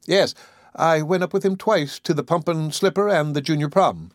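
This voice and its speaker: A man voicing a poised young society woman at a dance, with a lightly gentle, polished manner. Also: fairly high pitch, normal speed, no echo, clean studio sound, pitched above the performer's own voice, close to an everyday voice. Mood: bright.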